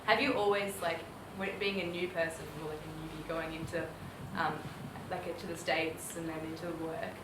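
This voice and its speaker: A woman asks a long, hesitant question, full of fillers. Her voice is a little low. The room is reverberant, and clear background noise hums behind her. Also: flat delivery, moderate pace, hardly any pauses. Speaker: interviewer asking questions.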